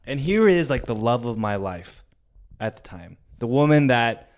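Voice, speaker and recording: A young man co-hosting a comedy podcast, telling a personal story in a loud, animated way, swearing freely and dropping to a hush for the tender parts. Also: medium pitch, unhurried. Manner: animated, swears a lot, swings from loud to hushed. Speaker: podcast co-host.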